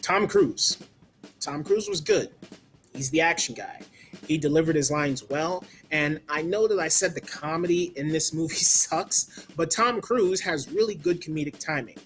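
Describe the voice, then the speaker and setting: A man's voice: fairly high pitch, normal speed, a bit bright, faint music behind. Blunt, ranting male movie reviewer. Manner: blunt, ranting, peppered with "like" and swearing. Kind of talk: casual spoken review.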